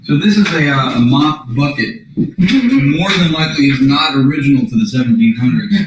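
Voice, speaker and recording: A man's voice: mid-range voice, expressive, normal speed. Joking man on an echoey house tour. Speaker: paranormal investigator. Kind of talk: casual walkthrough commentary. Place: old house interior. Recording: echoey room with faint noise.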